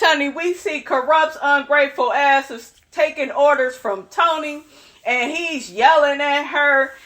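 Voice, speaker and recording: A woman's voice: high-pitched, fairly bright tone. A young woman hosting a reality show recap, chatting casually in a sassy, opinionated way and calling her viewers "honey.". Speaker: recap channel host.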